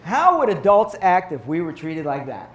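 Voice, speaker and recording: A middle-aged man giving a professional development talk to educators, telling lively stories and acting out teachers and kids. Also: a little high, normal speed, muffled recording. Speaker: speaker on child behavior for educators. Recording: roomy echo.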